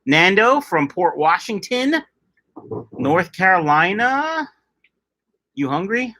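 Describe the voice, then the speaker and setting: A man's voice: high voice, very animated, slow pace, bright, forceful tone. A middle-aged man hosting a casual livestream, chatting loosely and reading out viewer comments in a jokey way. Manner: chatty, jokey, drifts off topic. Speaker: livestream host of a fish-keeping channel.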